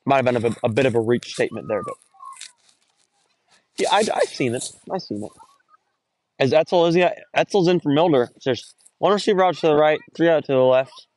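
A young man doing casual, rambling play-by-play of a high school football game outdoors, recorded on a phone, often correcting himself and getting excited on big runs. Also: a little fast, pauses often. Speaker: play-by-play announcer.

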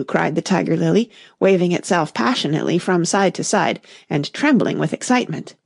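A woman narrating a classic children's story aloud in an expressive, measured reading style. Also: on the low side, creaky, slightly rough, no echo, clean studio sound.

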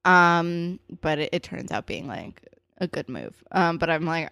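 Chatty low-voiced woman recapping a show. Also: sing-song, unhurried, creaky, fairly bright tone, clear, resonant tone, dry recording. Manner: chatty, filler-heavy, jumps into higher voices for quoted characters. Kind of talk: casual TV episode recap.

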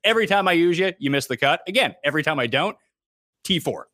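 Man, Canadian accent, lively swooping pitch, dry close sound, casual podcast chat. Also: no echo. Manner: animated, quick asides and self-deprecating jokes. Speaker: fantasy golf analyst.

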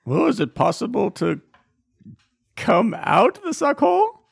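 Player doing a timid peasant hireling: halting, overly formal, slow and gravelly. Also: medium pitch, wildly swooping pitch, full character voice. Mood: hesitant. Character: nervous bumbling peasant hireling.

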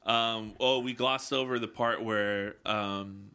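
A young man hosting a casual podcast chat, rambling, swearing freely and quick to laugh. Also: on the low side, steady tone, bright, forceful tone, clean tone. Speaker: podcast host.

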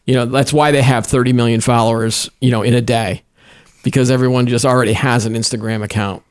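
A man's voice: mid-range voice, steady tone, fast, smooth. A middle-aged man co-hosting a podcast in casual tech chat, rambling with many restarts and fillers. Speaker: podcast co-host.

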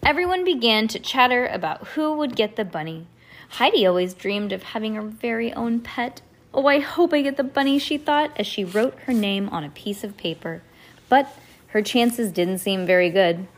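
A woman's voice: mid-range voice, expressive, moderate pace. A woman reading a children's storybook aloud to her child at home, stopping to chat along the way.

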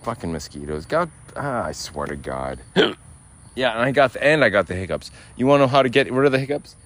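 A man's voice: mid-range voice, expressive, quick pace. A man hosting a podcast outdoors, ranting in a sardonic, profane, rambling way. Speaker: podcast host. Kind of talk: casual profane rant.

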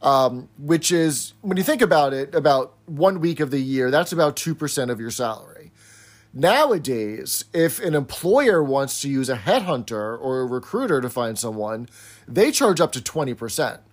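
A man's voice: mid-range voice, lively intonation, moderate pace. A man co-hosting a casual podcast, recapping a sitcom episode with chatty asides and frequent tag questions. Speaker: podcast co-host.

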